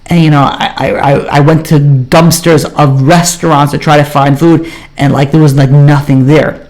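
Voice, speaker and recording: A man's voice: fairly high pitch, flat delivery, moderate pace, a little mellow, lightly acted. A man voicing a young male hippie drifter who talks in a loose, drawling way, full of "like" and "you know", within a told story. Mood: desperate.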